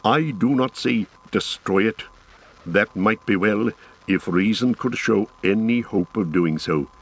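A fierce, proud warrior pleading and raging with burning passion, as an audiobook reader puts him on. The voice is pitched lower and heavier, loud and forceful when he presses his case. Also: measured pace, slight background noise. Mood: urgent persuasion. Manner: impassioned, pleading then raging. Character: proud desperate grown male warrior, fierce. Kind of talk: audiobook character voice.

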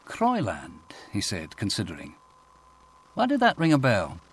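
A man narrating an audiobook in a measured, expressive reading voice. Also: medium pitch. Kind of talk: scripted narration.

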